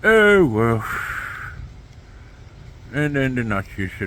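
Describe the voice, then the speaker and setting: A man's voice: mid-range voice, animated, moderate pace, fairly bright tone, a little hiss or hum. A man rambling sardonically in a solo video monologue, jumping between mock quotes and asides. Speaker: video blogger.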